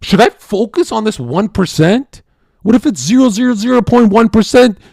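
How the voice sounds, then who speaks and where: Man putting on a shrill panicking woman. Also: lively intonation, moderate pace, creaky, a little mellow, dry recording, clean studio sound, full character voice. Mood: panicked. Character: panicking anxious woman spiraling with fear.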